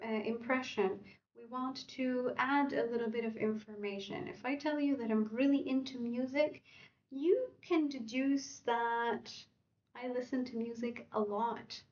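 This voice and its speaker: A woman teaching an English lesson on a livestream. She keeps checking in with "okay?" and "right?" and reads her example sentences with lively intonation. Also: on the high side. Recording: roomy, distant and dull sound.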